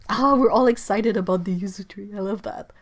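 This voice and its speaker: A young woman with a stuffy nose chats away on a livestream from her home art studio. Her voice sits at an ordinary middle pitch, and she giggles often and drifts into quiet asides between reading out viewer comments. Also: fairly quick. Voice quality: chatty, giggly, trails off into soft asides. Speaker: livestream host.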